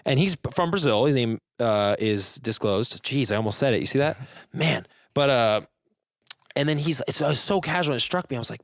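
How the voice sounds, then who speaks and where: Animated man telling gym stories. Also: medium pitch, moderate pace, no room sound, studio quality. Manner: animated storyteller, mimics people he quotes. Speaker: guest, jiu-jitsu competitor. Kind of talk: casual podcast conversation.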